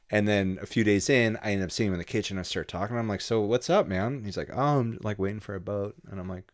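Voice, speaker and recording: A man telling travel stories in a relaxed, casual way in a podcast interview, often swearing and acting out what people said. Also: sits low, fast, hardly any pauses. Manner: laid-back, swearing, acts out dialogue. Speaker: guest photographer.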